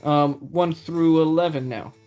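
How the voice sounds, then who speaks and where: A young man with a slightly high voice chats casually through a live stream, reading out the cards he pulls one by one and replying to viewers. Faint music plays quietly underneath. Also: fairly even intonation, a little slow. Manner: chatty, reads out card names, answers chat. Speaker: streamer opening trading card packs.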